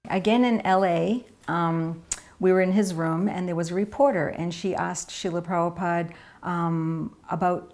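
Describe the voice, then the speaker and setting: A woman with a slightly low voice tells an anecdote in an interview. Her storytelling is lively and chatty, full of "um" and "like". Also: moderate pace. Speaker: devotee recalling memories. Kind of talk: reminiscing interview.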